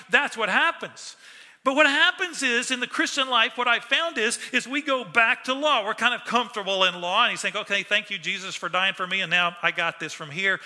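Guy preaching, high bright voice, big echoey hall. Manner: animated preaching, acts out quoted voices. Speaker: pastor. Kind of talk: sermon. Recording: long hall reverb.

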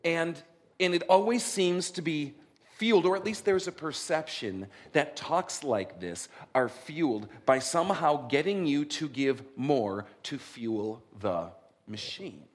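Animated conversational male pastor. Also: a little high, a little slow. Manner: conversational, animated, frequent "right?" check-ins. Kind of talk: sermon.

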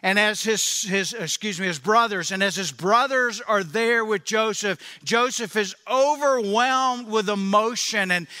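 High-voiced pastor, crisp bright tone, preaching with lots of repetition, big reverberant church. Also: male voice, measured pace, few pauses. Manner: emphatic, repetitive phrasing. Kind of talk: sermon.

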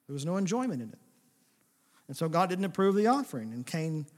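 A man preaching a sermon, swinging between emphatic, forceful passages and soft, hushed asides. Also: on the high side, sing-song, a little fast. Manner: paraphrases God's words in a gentle, intimate voice. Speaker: pastor.

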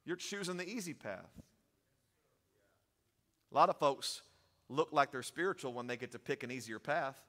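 A man preaching a sermon, moving from steady teaching to loud, emphatic preaching. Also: medium pitch, moderate pace, long pauses, big-room sound.

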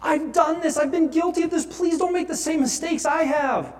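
A man's voice: very high-pitched, normal speed. A pastor preaching a sermon, reading scripture aloud and growing impassioned as he confesses his own failings. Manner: earnest, grows impassioned, reads scripture aloud.

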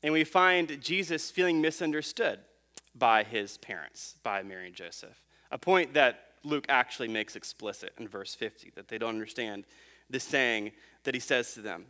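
A man in his thirties preaching a sermon, telling a family story in a relaxed, conversational way with fillers and restarts. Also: mid-range voice, normal speed. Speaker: pastor.

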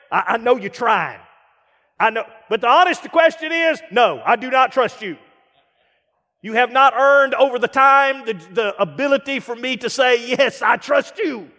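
A middle-aged man preaching a sermon, animated, with acted-out asides and rhetorical questions. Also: extremely high pitch. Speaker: guest preacher. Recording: reverberant hall.

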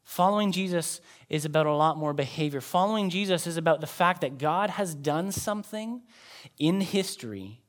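A man, a pastor, preaching a sermon in a conversational way, with emphatic rises and quiet drops. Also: a little high, animated, moderate pace.

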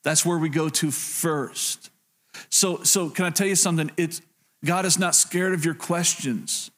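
A man's voice: a little high, fairly even intonation, unhurried, a bit bright. A man preaching a sermon as a pastor in a church, talking straight to the listeners, asking "can I tell you" and repeating his key phrases.

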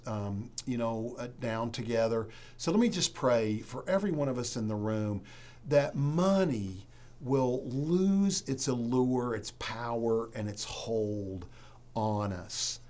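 A man preaching a sermon as a pastor to a church congregation, earnest and emphatic, with dramatic pauses, then leading a prayer. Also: medium pitch, darkish tone.

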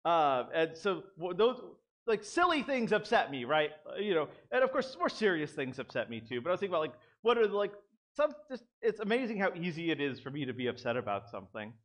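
Animated, high-voiced young male pastor. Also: a little fast. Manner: conversational, animated, self-deprecating asides. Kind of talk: casual sermon.

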